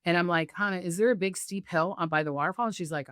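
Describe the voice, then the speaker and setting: A woman guest, a psychic medium, telling stories on a video call and acting out the voices of others with big jumps in pitch. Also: quick pace, fairly bright tone, no room sound, studio quality. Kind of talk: animated storytelling interview.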